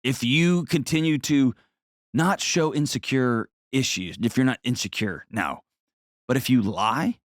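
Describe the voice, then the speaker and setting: A man's voice: medium pitch, no room sound, studio quality. A man hosting an advice show, talking bluntly and emphatically and repeating words for stress. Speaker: host.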